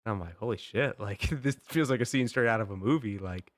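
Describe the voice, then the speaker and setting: A young man with a low voice tells a story on a podcast, rambling, with "like" and "um" in nearly every sentence. The sound is close and dry, with no room sound. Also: expressive, a little fast, no echo. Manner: rambling, full of "like" and "um" fillers. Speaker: podcast host. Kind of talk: casual storytelling.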